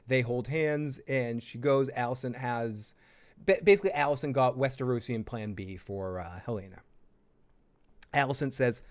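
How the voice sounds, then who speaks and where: A man's voice: medium pitch, moderate pace, clean tone. A man hosting a casual TV episode recap, swearing freely, laughing and mocking characters with impressions. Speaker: host.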